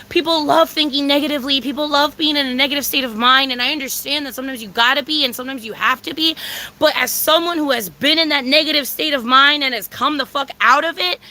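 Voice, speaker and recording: A young woman vlogger from San Diego, California rants in a casual storytime style, profane and exasperated and full of "like" and "bro." Her voice is high, bright and forceful, and the recording is rough.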